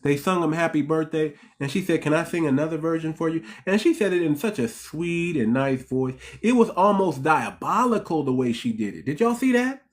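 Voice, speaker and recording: In a heated commentary monologue, a channel host with a mid-range voice speaks animatedly at normal speed with few pauses. The host repeats points, makes emphatic restarts, and fires rhetorical questions at the audience, repeatedly addressing them as family.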